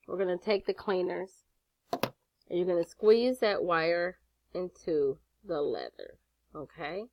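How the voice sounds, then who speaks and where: Sassy chatty woman with lively pitch. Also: slow pace, no echo, highs cut off. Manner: sassy, chatty, swears casually. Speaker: jewelry-making instructor. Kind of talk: casual craft tutorial.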